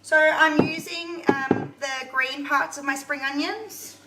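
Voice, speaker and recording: A woman chats to her viewers as she cooks live in her home kitchen. Her voice sits high, and her talk is easy and conversational. The live stream carries clear background noise. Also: fairly even intonation, slow, a bit bright, recorded from a distance, poor audio. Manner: chatty, talks to viewers while cooking. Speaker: home cook hosting a live cooking video. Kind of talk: live cooking demonstration, chatty.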